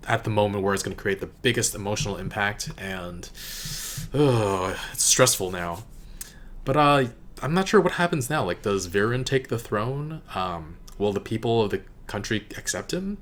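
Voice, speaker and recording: A man with a slightly low voice chats through his reactions to an episode. He muses out loud in a halting, unhurried way, dropping in fillers and small laughs. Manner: musing, halting, with frequent "uh" and "like" and soft laughs. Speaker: show reactor and reviewer. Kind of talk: casual reaction commentary.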